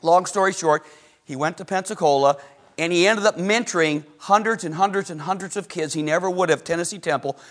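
Middle-aged male pastor with a high voice, animated sermon storyteller, loud to hushed. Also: fairly quick. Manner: asks the congregation questions.

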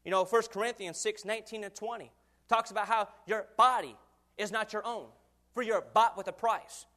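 A man in his twenties preaching a sermon in an animated way, acting out quoted voices and chuckling often. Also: sits high, moderate pace. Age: 20s.

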